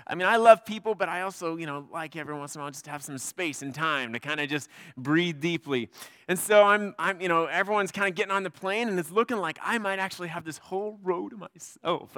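A man's voice: a little high, sharp tone, clear, resonant tone, no room sound, studio quality. A man preaching a sermon as pastor, telling a personal story in a conversational way with lots of fillers.

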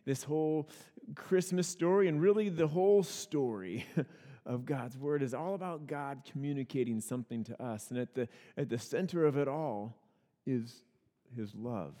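A man's voice: mid-range voice, normal speed, warm tone. Man preaching a folksy sermon, long hall reverb. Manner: folksy, storytelling, frequent restarts and repeated words. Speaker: pastor. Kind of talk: conversational sermon with personal stories.

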